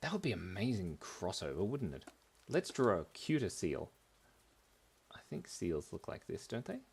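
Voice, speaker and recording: A man's voice: deep voice, sing-song, moderate pace, creaky, darkish tone, breathy edge. A man hosting a live drawing class for kids, talking playfully while he draws and making goofy wordplay.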